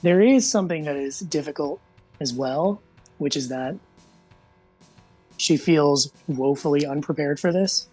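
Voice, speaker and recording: A man narrating his character's actions in a tabletop game, relaxed and joking. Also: fairly high pitch, a little slow, long pauses, slightly rough, faint music behind. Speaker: player.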